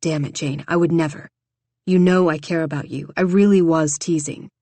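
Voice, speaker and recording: Brock is a calm, teasing young romantic lead with a playful edge, as a woman narrator voices him. His lines come in a soft, lower, quieter register, close and dry. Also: normal speed, no echo. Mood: apologetic. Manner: teasing, low-key and calm.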